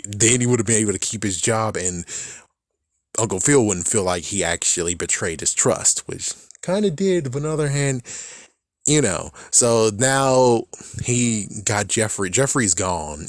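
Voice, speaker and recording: A man with a somewhat low voice rants through a TV recap, animated and swearing freely. The sound is dry and close, with no room around it. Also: moderate pace, no room sound. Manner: animated, profane, laughing asides. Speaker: show recap vlogger. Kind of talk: casual reaction rant.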